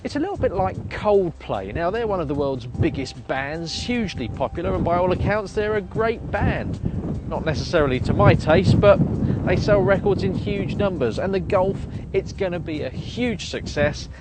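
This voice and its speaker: A man's voice: high voice, animated, moderate pace. A man presenting a car review, chatty and enthusiastic with wry asides, recorded inside a car. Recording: audible road and traffic noise behind.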